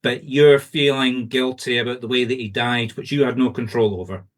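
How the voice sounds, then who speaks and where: A Scottish man working as a medium gives fast, insistent, reassuring readings to a group over a video call. His voice is medium in pitch, with a steady tone.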